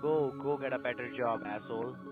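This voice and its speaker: A man's voice: mid-range voice, steady tone, brisk. Angry male scammer on a phone line. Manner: scripted greeting turning to angry insults. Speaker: call center scammer. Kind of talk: heated phone argument. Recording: tinny phone line, faint music.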